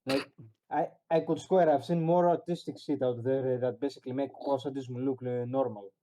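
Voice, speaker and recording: Mellow, dark-toned man for a wry casual podcast co-host. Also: mid-range voice, steady tone, brisk, slight background noise, poor audio. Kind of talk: casual group chat.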